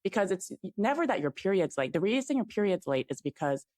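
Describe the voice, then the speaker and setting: A woman's voice: medium pitch, very animated, brisk, a little mellow, no echo, studio quality. A young woman speaking as a guest on a casual podcast, talking chattily with many "like" fillers and plenty of enthusiasm. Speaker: guest, fertility app CEO.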